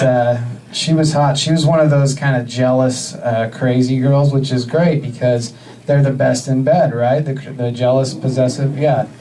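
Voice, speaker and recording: Deadpan man doing stand-up from afar. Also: mid-range voice, far from the mic, poor audio. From US Northwest. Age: 30s. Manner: deadpan, halting delivery with many fillers. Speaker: stand-up comedian. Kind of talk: stand-up comedy set. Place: comedy club stage.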